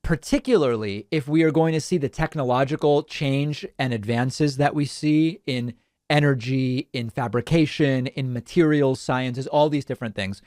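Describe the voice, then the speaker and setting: A man hosting a call-in political talk show, thinking out loud with animated emphasis. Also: mid-range voice, moderate pace, no echo, clean studio sound.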